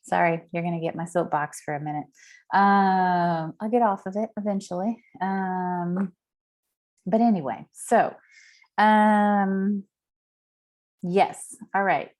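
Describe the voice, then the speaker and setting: A woman's voice: mid-range voice, steady tone, takes it slowly, a little mellow. A woman hosting a team meeting over a video call, talking casually in a chatty, rambling way with lots of fillers. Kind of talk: casual chat.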